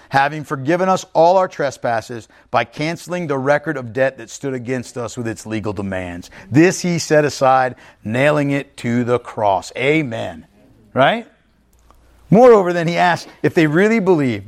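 A male pastor preaching an emphatic, conversational sermon, often checking in with his listeners. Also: medium pitch. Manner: emphatic, conversational preaching with frequent "right?" asides.

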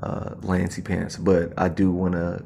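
Low, gravelly man on a podcast. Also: completely flat delivery, a little slow, warm tone, slight background noise. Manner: playful, reads headlines aloud, laughs easily. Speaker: podcast co-host. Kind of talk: casual podcast chat.

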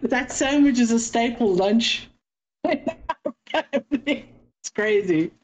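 A woman's voice: fairly high pitch, lively intonation, unhurried, a little mellow, slight background noise, low-quality recording. A woman from South Africa with a South African accent, chatting as a podcast guest and acting out little exchanges as she tells stories. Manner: chatty storyteller, acts out exchanges with quoted voices. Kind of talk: casual interview chat.

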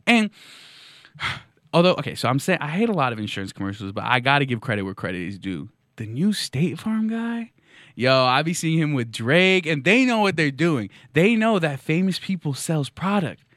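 A man's voice: a little high, very animated, a little fast, fairly bright tone, no echo, studio quality. A man hosting a podcast, delivering a mock-outraged, sarcastic comedic monologue. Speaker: podcast host.

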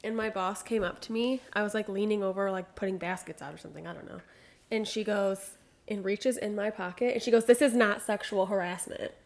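A young woman chatting casually and telling an animated story, acting out what others said and laughing often. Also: medium pitch, fairly quick, gravelly.

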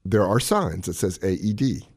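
A man who is a cardiologist, hosting a radio show and telling stories in a casual, animated way. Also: moderate pace, no room sound, clean studio sound. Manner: animated storyteller, lively pitch swings.

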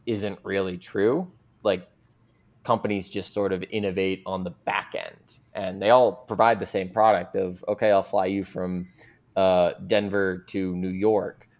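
Man, podcast guest, low voice, gravelly, rambling, earnest, lots of fillers. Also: a little mellow. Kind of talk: casual conversational argument.

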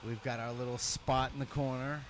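A man, a drummer, telling a story in casual chat, animated and profane, acting out what people said. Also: mid-range voice, fairly quick, noisy background. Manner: animated, profane, acts out quotes.

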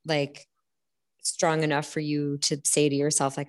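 A woman co-hosting an interview, asking gentle, probing questions in an informal way. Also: low-pitched, fairly even intonation, moderate pace.

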